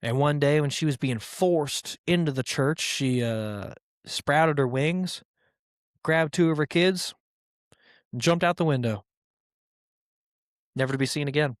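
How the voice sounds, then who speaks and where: A man's voice: on the high side, measured pace, pauses often, no echo, studio quality. A man hosting a podcast in a casual monologue, rambling and joking, with plenty of swearing and filler words. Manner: irreverent and joking. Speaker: podcast host.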